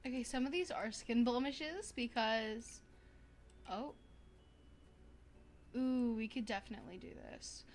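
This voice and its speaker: A young woman streaming a life-sim game, chatting casually to viewers in a bubbly, excitable way, gasping and repeating herself. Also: a little high, a little slow, pauses often, a little hiss or hum. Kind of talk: casual gaming stream chat.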